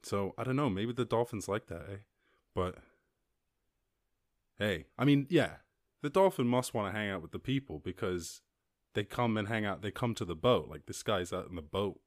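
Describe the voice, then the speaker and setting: An Irish man hosting a casual solo podcast, reading news and rambling with lots of swearing and squeaky silly voices for other people. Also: lively intonation, moderate pace, dry recording, studio quality. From Ireland. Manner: rambling, profane, jumps into high squeaky voices for quoted people and animals. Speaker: podcast host.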